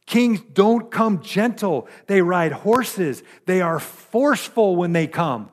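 A man delivers a sermon as a pastor, his voice sitting fairly high. He talks to the room like a conversation, checking in with "right?" and pushing up in pitch and force when he drives a point home. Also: animated, takes it slowly. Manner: conversational preaching with frequent "right?" asides and rising emphasis.

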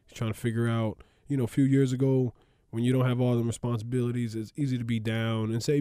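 A man's voice: mid-range voice, fast talker, clear, resonant tone, no echo, studio quality. A man hosting a sports podcast, talking casually with lots of laughs and asides. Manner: animated, laughs often, rambling asides.

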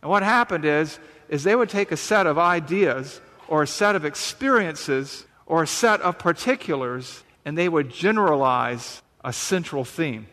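A man preaches a sermon, moving from scripture reading into a talky, conversational explanation full of rhetorical questions. His voice sits a little high for a man. The sound carries a long reverb. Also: expressive, moderate pace, hardly any pauses, fairly bright tone. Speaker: pastor.

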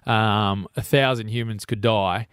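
A man's voice: on the low side, fairly even intonation, measured pace, clear, resonant tone, dry recording, studio quality. A man co-hosting a radio show, teasing and joking in casual banter. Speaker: radio host.

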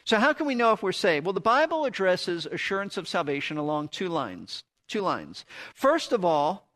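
A man's voice: high voice, sing-song, normal speed, fairly bright tone. A man preaching a radio Bible teaching, earnest and emphatic, often repeating key words for stress.

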